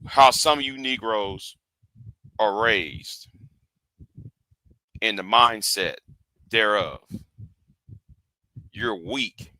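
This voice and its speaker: Guy going off on a livestream, real slow and deliberate, keeps restarting lines, tense piercing voice, dry sound. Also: medium pitch, pushed and bright, no room sound. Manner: lecturing, repeats and restarts phrases. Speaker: livestream host. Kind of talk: livestream rant.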